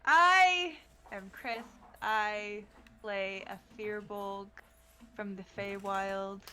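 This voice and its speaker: Woman, tabletop player, unhurried, bright voice, laughs easily. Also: medium pitch, smooth. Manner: laughing, relaxed. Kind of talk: casual tabletop game chat.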